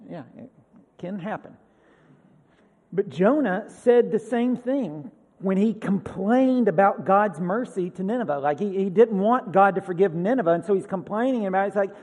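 A man preaching a sermon as pastor, earnest, swinging from loud emphasis to a hushed near-whisper. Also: high voice, animated, normal speed. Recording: long hall reverb.

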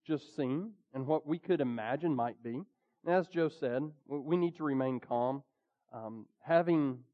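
A man preaching a sermon in a conversational way, with frequent fillers and lively emphasis. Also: medium pitch, narrow, tinny audio. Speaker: pastor.

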